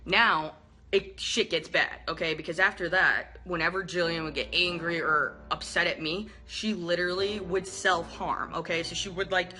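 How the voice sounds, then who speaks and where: A young woman tells a personal story straight to camera in a casual vlog. Her voice is bright and forceful but sits a little low. She talks candidly with plenty of swearing and slips into the voices of the people she quotes. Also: normal speed. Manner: candid, profane, animated retelling with acted-out quotes. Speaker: vlogger telling a personal story.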